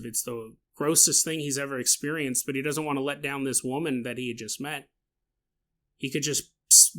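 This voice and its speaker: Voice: medium pitch, a bit bright. A podcast host telling a story casually, laughing often and breaking into mock outrage and silly voices for the people in it. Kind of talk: casual storytelling with comic asides.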